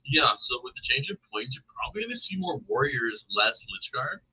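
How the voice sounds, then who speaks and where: Fast-talking, bright-voiced man. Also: mid-range voice, sing-song, slightly rough. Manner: quick, analytical tactics talk. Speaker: co-host. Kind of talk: casual live-stream chat. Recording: dull lo-fi stream audio.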